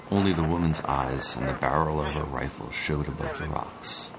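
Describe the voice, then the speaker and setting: Very deep-voiced man narrating a story. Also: steady tone. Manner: dramatic, deliberate storytelling. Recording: noisy, with vehicle ambience.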